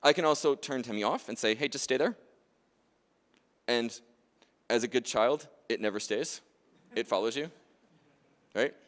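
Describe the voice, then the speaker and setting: A man's voice: mid-range voice, normal speed, long pauses, fairly bright tone, long reverb tail. A man presenting a demonstration workshop at a conference, chatty and jokey, often checking in with "right?" and "okay?". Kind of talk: lively conference demonstration talk.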